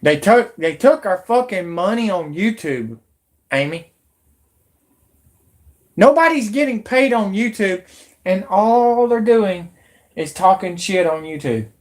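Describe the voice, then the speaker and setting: A woman's voice: mid-range voice, animated, slow, pauses often. A woman, ranting angrily and swearing as a YouTube commentator. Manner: angry, profane, shouting in bursts. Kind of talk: angry political rant.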